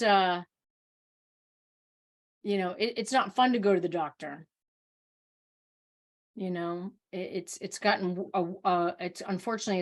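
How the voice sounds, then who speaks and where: A woman doctor of Oriental medicine hosting a live Q&A over a video call, talking casually and animatedly, often restarting and repeating words. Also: lowish voice.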